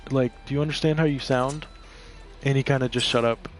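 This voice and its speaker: Man venting mid-game, loose and profane, ordinary mid pitch, soft music under. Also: steady tone, brisk. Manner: rambling, profane, heavy use of filler "like". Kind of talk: casual storytelling while gaming.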